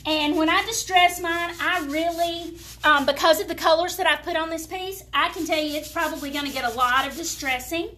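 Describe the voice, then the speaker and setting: A woman's voice: very high-pitched, fairly even intonation, fairly quick, hardly any pauses, pushed and bright, a little hiss or hum. A woman with a Southern US accent giving a chatty, folksy live demonstration of furniture painting, talking straight to her viewers. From American South.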